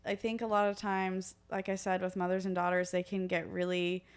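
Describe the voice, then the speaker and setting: A woman's voice: on the low side, flat delivery, smooth. A woman co-hosting a podcast, joking casually and reading online posts aloud. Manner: wry, quick to joke, reads comments aloud. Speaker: podcast co-host.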